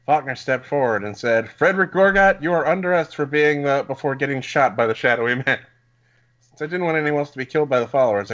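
A man's voice: medium pitch, a bit bright, highs cut off. A man co-hosting a comedy podcast, reading a story aloud and laughing often.

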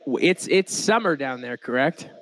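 A man's voice: medium pitch, lively intonation, moderate pace, fairly bright tone. A young American man hosting a casual podcast, joking around and laughing often. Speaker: podcast host.

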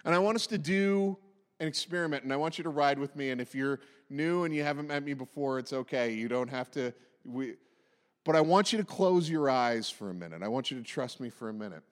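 A man's voice: medium pitch, lively intonation, fairly quick, big-room sound. A man in his forties preaching a sermon, impassioned and emphatic, hammering repeated phrases. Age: 40s. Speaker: pastor.

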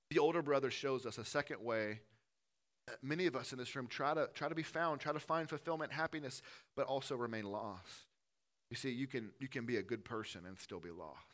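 A man preaching a sermon in a church, impassioned, building to loud lists and dropping to soft pleading. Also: mid-range voice, fairly quick. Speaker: pastor.

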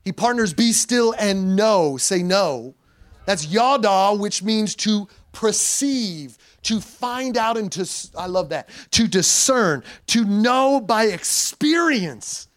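High voiced guy preaching a sermon, lively and chatty, reads scripture then cracks little slang jokes. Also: slow pace. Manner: animated, conversational preaching with slang asides. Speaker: pastor.

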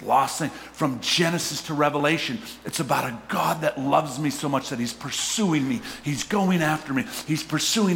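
A middle-aged man preaching a sermon as a pastor, talking conversationally and rising to shouts for emphasis. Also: a little high, normal speed, gravelly, few pauses, a little hiss or hum. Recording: hall reverb, faint ambience.

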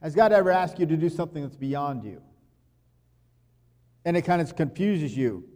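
A man preaching a sermon as pastor, talking conversationally, dropping to quiet asides and acting out the quotes he tells. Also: fairly high pitch, very animated, normal speed. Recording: long hall reverb.

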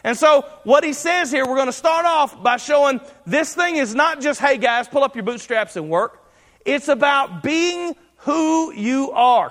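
A man preaching a sermon, emphatic and building to shouts on key lines. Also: very high-pitched, big-room sound.

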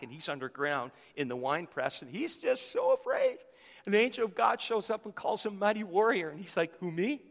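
Male pastor, 50s, high voice, fervent sermon, long church reverb. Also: a bit bright. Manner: fervent, repeats phrases for emphasis.

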